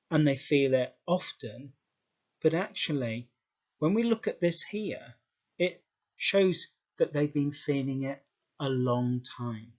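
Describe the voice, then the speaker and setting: A male British English teacher walks through an exam lesson at a very slow, deliberate pace, leaning on repeated words for emphasis. His voice sits a little high for a man. The recording sounds dull and lo-fi. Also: darkish tone.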